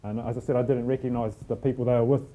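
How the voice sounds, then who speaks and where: This man's medium-pitched, dark voice moves fast with little change in pitch, and there's a slight hiss or hum in the audio. A middle-aged New Zealander and team manager, he's addressing a packed function room live, telling self-deprecating stories.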